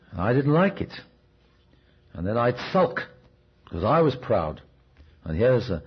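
Male preacher, mid-pitched and husky, chatty sermon style, lo-fi cassette recording. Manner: conversational storytelling, asks the listeners questions. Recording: dull, restored cassette recording.

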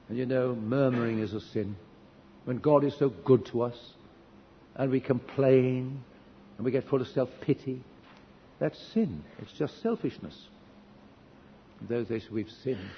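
A man's voice: mid-range voice, breathy edge. A man preaching a sermon in a church, telling stories from his own life in an earnest, self-deprecating way with wry humor. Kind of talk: storytelling sermon. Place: church hall. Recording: dull echoey church recording, faint hiss.

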